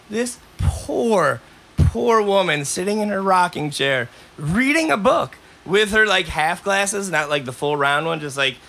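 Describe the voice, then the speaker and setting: Podcast host with a fairly high voice, telling loose, rambling stories. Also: male voice, vocal fry. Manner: rambling, animated, coughs between lines. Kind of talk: casual storytelling.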